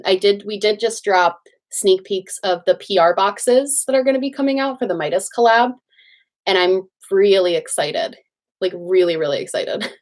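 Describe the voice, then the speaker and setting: A young woman hosting a casual livestream from home, bubbly and gushing as she greets viewers and chats with lots of fillers. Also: mid-range voice. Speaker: livestream host.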